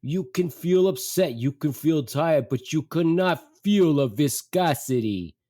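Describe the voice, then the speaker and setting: A man's voice: high-pitched, expressive, a little slow, warm tone, pitched above the performer's own voice. A man playing an impatient older father who barks and swears. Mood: exasperated. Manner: barking, exasperated.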